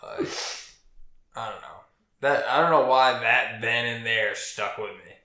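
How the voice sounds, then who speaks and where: A man's voice: mid-range voice, measured pace, pushed and bright. A young man co-hosting a podcast in casual chat, laid-back, laughing often and swearing freely. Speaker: podcast co-host. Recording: echoey room.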